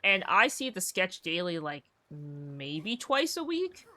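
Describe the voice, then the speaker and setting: A woman's voice: fairly low pitch, sing-song, slow pace, pushed and bright. A woman streaming a video game, chatting casually and rambling through stories while acting out what her friend said. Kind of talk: casual live-stream chat while gaming.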